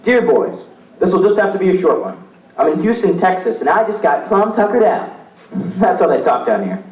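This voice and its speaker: A man's voice: high voice, sing-song, normal speed, darkish tone, lo-fi sound. A man playing a traveling father reading out a folksy, reassuring letter to his sons in an amateur stage play, recorded from far off on an echoey stage.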